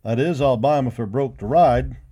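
A confident cattle buyer who talks brisk and businesslike, as a man puts him on. His voice is mellow and set in a storybook western. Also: mid-range voice, close to an everyday voice.

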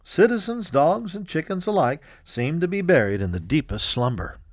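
A man's voice: on the high side, dry recording. Man narrating a history audiobook. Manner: measured, even storytelling.

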